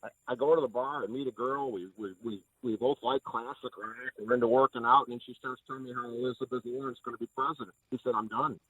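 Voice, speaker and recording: A man's voice: mid-range voice, fairly even intonation, fast, a bit bright, slightly rough, no echo. A middle-aged man calling in to a radio show, chatty and joking about his sons. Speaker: caller. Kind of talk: call-in chat. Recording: muffled phone-in audio.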